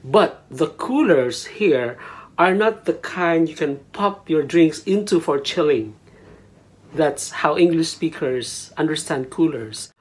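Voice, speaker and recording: A Filipino man with a Filipino accent, chatting casually in a teaching vlog and repeating words slowly so viewers can practice saying them. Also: a little high, animated, breathy edge. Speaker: language vlogger.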